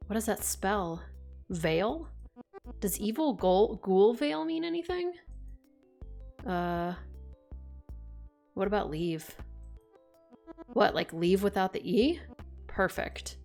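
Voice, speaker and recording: A young woman streaming a game live, reading the text aloud and chatting in an expressive, casual way that includes swearing. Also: medium pitch.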